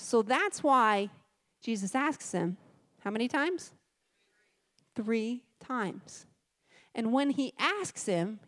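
A woman speaking at a church service in a relaxed, conversational way. Her voice sits a bit on the high side, and she reads scripture aloud, then stops to add joking, chatty asides. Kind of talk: conversational sermon with scripture reading.

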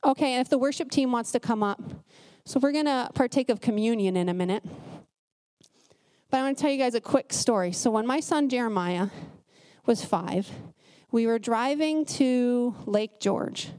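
A woman preacher giving a conversational sermon, telling stories in an animated way with a pace that speeds up and slows down. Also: on the high side. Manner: animated storytelling, shifting pace.

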